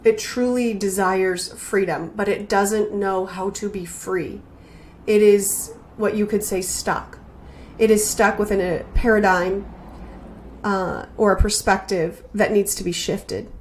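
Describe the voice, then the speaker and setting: A woman hosts a spiritual podcast in a slow, earnest voice. She sits in the middle of the range for pitch and keeps her delivery reflective and heartfelt. She often repeats her phrases as she builds each thought. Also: fairly even intonation, a little hiss or hum. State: emotional, near tears.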